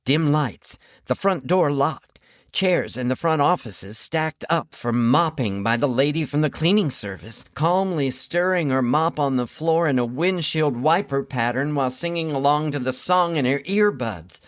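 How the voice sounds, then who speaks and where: Guy narrating his own story, wry and chatty, lively voice, dry close sound. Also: a little high, a little slow, no echo. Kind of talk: first-person audio fiction narration.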